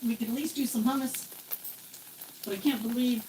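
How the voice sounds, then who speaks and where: A woman's voice: fairly high pitch, normal speed, long pauses, noisy background. A woman in her forties chatting casually with viewers as she cooks breakfast in her home kitchen, often talking to herself. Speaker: vlogger. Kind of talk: casual chat while cooking. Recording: faint kitchen sizzle behind.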